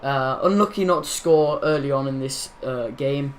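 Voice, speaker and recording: A man's voice: medium pitch, moderate pace, few pauses, a little hiss or hum. A young man hosting his gaming channel, casually commenting over football game footage, rambling and correcting his own slips.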